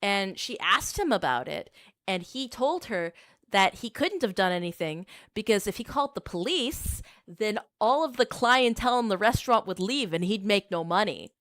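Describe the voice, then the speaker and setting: A woman's voice: medium pitch, animated, moderate pace, a bit bright, no room sound, studio quality. A young adult woman streamer telling a rambling personal story in casual chat, with plenty of filler words.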